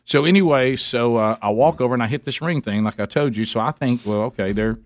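A man hosting a radio show, spinning a long rambling story in casual chat. He restarts his sentences often and slips into animated impressions of the people in it. The sound is dry and close. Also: medium pitch, brisk, no room sound.

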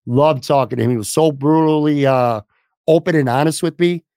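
A man hosting a sports podcast in blunt, rambling casual talk, hoarse from losing his voice. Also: on the high side, moderate pace, a little mellow, no echo, studio quality. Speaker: podcast host.

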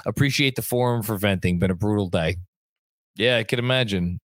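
A man's voice: fairly low pitch, brisk, a bit bright, no echo. A young adult man hosting a casual sports live stream from home, reading out viewer comments with a rambling, chatty manner and some swearing. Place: home room at a computer.

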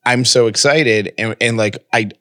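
A radio host chatting casually and telling a story with many restarts, nursing a lingering cough. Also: male voice, mid-range voice, unhurried, bright, forceful tone, no echo, studio quality. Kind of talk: casual chat.

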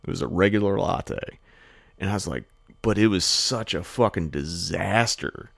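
A man's voice: deep voice, normal speed, gravelly, a bit bright, no room sound. A man co-hosting a podcast, telling a rambling, profane anecdote in a casual chat full of "like" fillers. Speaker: podcast co-host.

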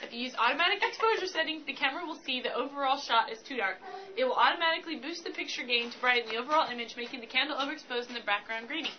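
A woman's voice: high voice, rapid-fire, recorded from a distance. A woman co-hosting a fan podcast, reading scripted tips and chatting animatedly in casual banter. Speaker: podcast co-host. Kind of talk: casual chat. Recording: dull lo-fi recording with faint hiss.

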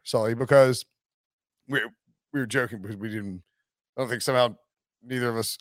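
A man hosting a sports betting podcast, talking in a jokey, animated way and laughing often. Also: medium pitch, no echo, clean studio sound. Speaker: podcast host. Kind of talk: casual sports betting chat.

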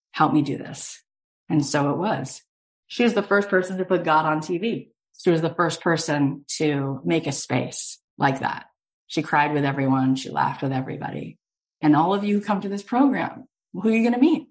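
A woman podcast host and coach, telling a story in an animated, emphatic way with lots of casual fillers. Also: sits low, fairly quick. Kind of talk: storytelling monologue.

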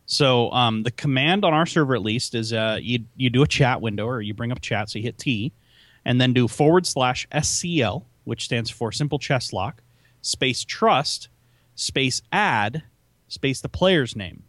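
A man's voice: medium pitch, animated, unhurried, a bit bright, no room sound. A man co-hosting a casual gaming show, explaining game commands step by step and often stopping mid-sentence to start again. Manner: hesitant, lots of um and uh, restarts. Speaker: show co-host.

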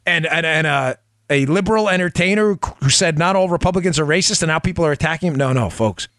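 Male podcast host, emphatic political commentary, bright tense voice, dry close sound. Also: fairly high pitch, quick pace, dry recording. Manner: animated, emphatic, laughs often.

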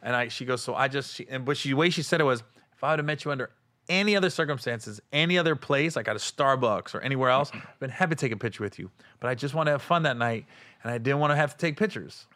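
Male host with a bright, sharp tone, relaxed conversational storyteller. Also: medium pitch, quick pace. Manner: relaxed, acts out friends' voices in his stories. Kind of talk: casual chat.

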